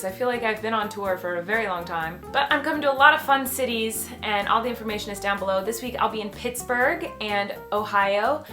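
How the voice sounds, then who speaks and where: A woman's voice: fairly high pitch, moderate pace, hardly any pauses, bright, forceful tone, faint music behind. A woman in her twenties chatting to camera in a casual vlog, playful and self-mocking. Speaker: vlogger.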